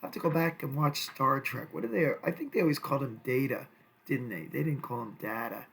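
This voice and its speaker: A man's voice: mid-range voice, a little fast, creaky, a bit bright. A man teaching a recorded math lesson to second graders, chatty and playful, with jokey asides.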